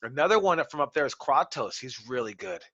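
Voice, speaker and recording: A man's voice: medium pitch, a little fast, dry recording, muffled recording. A man, chatting casually as a podcast host and telling stories animatedly with lots of slang. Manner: animated storyteller, slangy, says "bro" often. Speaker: wrestling trainer, podcast host. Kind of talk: casual chat.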